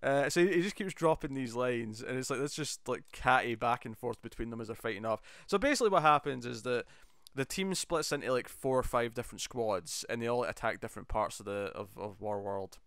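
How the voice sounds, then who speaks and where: A man talks through an episode with his co-host in lively, animated bursts, jumping into little acted-out lines along the way. His voice comes through smooth and clean on a close, dry mic with almost no room sound. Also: medium pitch, fairly quick, no room sound. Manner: animated, enthusiastic, quotes scenes in bursts. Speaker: podcast co-host. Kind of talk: casual chat.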